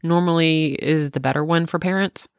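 Podcast co-host, parent, gravelly mid-pitched voice, candid storyteller, dry booth sound. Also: normal speed, dry recording. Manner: candid, animated storytelling with swearing. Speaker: parent of two. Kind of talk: casual chat.

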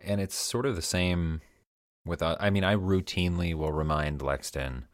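Very deep-voiced man co-hosting a podcast. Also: moderate pace, no room sound, clean studio sound. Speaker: podcast co-host. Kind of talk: casual chat. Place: professional sound studio.

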